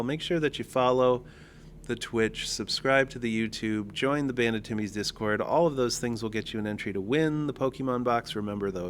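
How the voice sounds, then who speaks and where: A man streaming a card game, joking and thinking out loud as he plays. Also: medium pitch, a little hiss or hum. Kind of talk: casual card-game livestream commentary.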